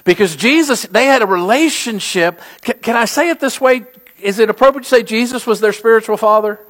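A middle-aged pastor with a fairly high voice preaches a sermon, telling stories with animation and driving his key lines up to emphatic peaks. He speaks a little fast, and his tone is a bit bright.

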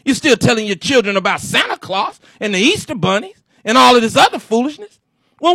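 A high-pitched man with a husky edge delivers an exasperated, preachy commentary rant straight to his audience. His pitch jumps around as he repeats his points. The recording is dry and close. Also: big pitch swings, a little fast, bright, forceful tone, dry recording. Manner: exasperated, lecturing, repeats himself. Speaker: commentary show host.

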